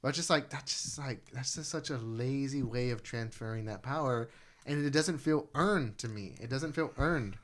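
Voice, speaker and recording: Young male co-host, mid-range voice, chatty and excitable, many fillers. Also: moderate pace. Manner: excitable, voice jumps high when thrilled, lots of fillers. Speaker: podcast co-host. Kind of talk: casual chat.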